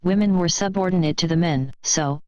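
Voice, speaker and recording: A woman reading a fan fiction story aloud in a steady, plain storytelling manner. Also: on the low side, brisk, dry recording, low-quality recording. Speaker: story reader.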